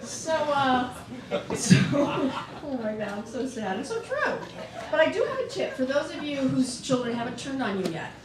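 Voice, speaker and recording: A woman's voice: high voice, big pitch swings, moderate pace, noisy background. Chatty middle-aged woman doing stand-up. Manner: chatty, self-mocking, asks the audience questions. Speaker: stand-up comedian. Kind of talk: stand-up comedy set. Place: comedy club stage with audience. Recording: echoey club, distant mic, loud audience. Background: audience laughing.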